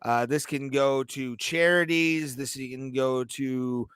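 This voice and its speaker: A man's voice: medium pitch, steady tone, takes it slowly, a bit bright, clean tone, no echo, studio quality. A man co-hosting a podcast, chatting casually and profanely and laughing often. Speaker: podcast co-host. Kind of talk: casual chat.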